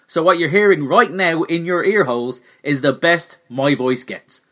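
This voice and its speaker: A man's voice: a little high, moderate pace, pushed and bright. A man introducing his comedy podcast with wry, self-mocking humour. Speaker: podcast host. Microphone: new studio microphone.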